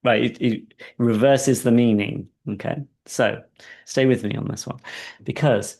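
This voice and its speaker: A man with a gravelly, creaky voice leads a client through a coaching session in a slow, soft, guiding tone. He keeps checking in with short questions and laughs lightly between points. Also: medium pitch. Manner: calm and soft-spoken in guidance, animated when telling stories.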